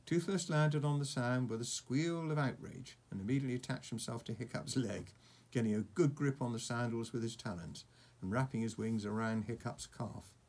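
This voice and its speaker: A man reads a storybook aloud to a child at an ordinary pitch, with a husky, slightly rough voice. He pauses now and then to point out the pictures. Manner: warm asides, chuckles at the pictures.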